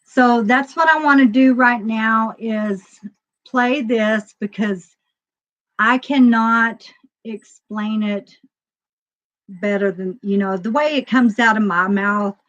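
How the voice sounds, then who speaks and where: A woman telling a personal story to a live audience in a casual, emotional way, laughing often and swinging between loud and quiet. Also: on the high side, slow pace. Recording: dull lo-fi sound.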